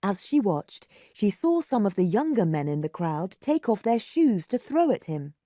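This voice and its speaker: A woman narrating a story aloud, slow and lively, acting out the dialogue. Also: mid-range voice, no echo, clean studio sound.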